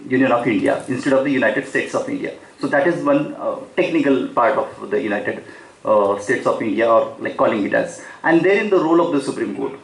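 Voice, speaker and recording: Man lecturing in an echoey hall. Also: mid-range voice. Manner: unscripted, frequent fillers and self-corrections. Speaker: speaker at an academic seminar. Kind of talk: academic lecture. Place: seminar hall.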